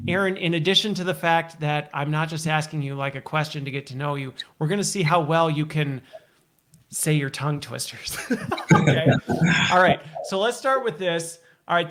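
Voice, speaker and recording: Upbeat guy hosting a live stream, kinda high voice, jokey and laughing a lot. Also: fairly bright tone. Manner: upbeat, laughs often, playful teasing. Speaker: host. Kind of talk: casual live show chat.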